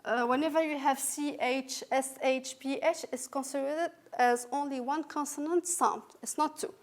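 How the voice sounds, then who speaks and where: A woman with a high, light voice and a French accent walks students through English sounds. She is patient and careful, repeating each example word slowly and clearly. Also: fairly even intonation. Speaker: English teacher. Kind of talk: recorded phonetics lesson.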